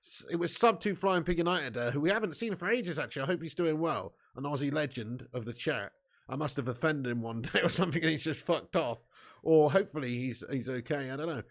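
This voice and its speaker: A man's voice: on the high side, brisk. Laughing, joking streamer man. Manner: jokey banter, laughs often. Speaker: football watch-along streamer. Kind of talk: casual live-stream chat, reading out viewer comments.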